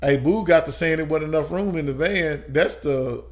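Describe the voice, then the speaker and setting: Animated man telling stories. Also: fairly high pitch, moderate pace. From Tennessee, USA. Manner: animated, laughs often, swears. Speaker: guest. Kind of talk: casual storytelling.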